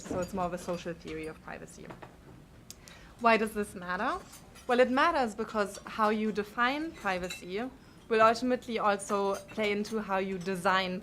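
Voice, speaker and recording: A woman's voice: mid-range voice, fairly bright tone, a little hiss or hum. German-accented woman giving a conference talk. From Europe. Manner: frequent ums and uhs, measured. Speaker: conference speaker.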